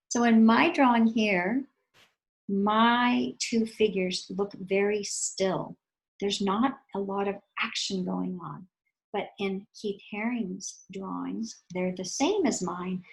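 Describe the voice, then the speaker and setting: A woman's voice: mid-range voice, vocal fry, rough recording. A woman art teacher giving a patient, step-by-step drawing lesson for children, counting her strokes aloud as she works.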